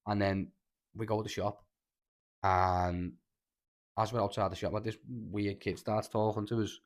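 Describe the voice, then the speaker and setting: A man's voice: fairly low pitch, flat delivery, unhurried. A man with a Liverpool accent, co-hosting a casual podcast and telling a long story in a rambling way, full of filler words and swearing. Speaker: podcast co-host.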